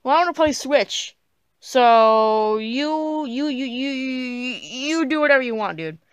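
A woman's voice: high voice, animated, measured pace, smooth, no echo. A woman voicing a dismissive, bossy male dinosaur in a plush puppet comedy.

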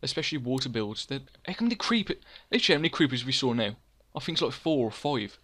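A man's voice: mid-range voice, big pitch swings, fast, few pauses, fairly bright tone. A young man, hosting casual gameplay commentary in a rambling, self-mocking way, often talking to himself by name. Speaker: let's play host.

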